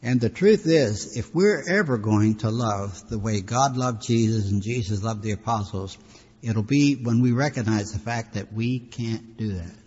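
A man's voice: lowish voice, measured pace, darkish tone, slightly rough. A man preaching a sermon in a conversational, folksy teaching manner with friendly asides. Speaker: pastor. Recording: dull lo-fi recording with long hall reverb.

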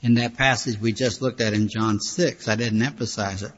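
A man's voice: on the low side, steady tone, moderate pace. An older man preaching a sermon in a conversational, folksy way, with frequent asides. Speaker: pastor. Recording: hall reverb, dull lo-fi sound.

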